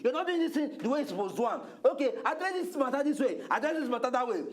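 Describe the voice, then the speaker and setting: A Nigerian man with a very high voice pushes back fast, interrupting and demanding answers. He runs a heated talk show debate in a mix of Pidgin and English. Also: big pitch swings. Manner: interrupting, challenging questions. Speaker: co-host of a political talk show.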